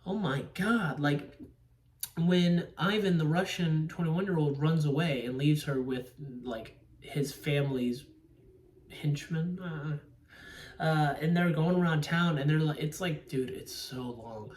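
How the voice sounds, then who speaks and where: Brief: swearing, rambling man reviewing movies, slightly high voice, roomy and distant sound. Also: slow pace. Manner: profane, rambling, emphatic. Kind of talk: casual ranting review. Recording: echoey room, distant from mic.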